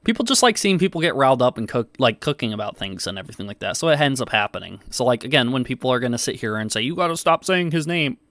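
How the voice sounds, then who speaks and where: A man's voice: medium pitch, sing-song, rapid-fire, few pauses, fairly bright tone, no echo. A man hosting a livestream, arguing with his chat in casual, profane, defensive talk and reading comments aloud. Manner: defensive, swears often, reads chat aloud. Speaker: livestream host.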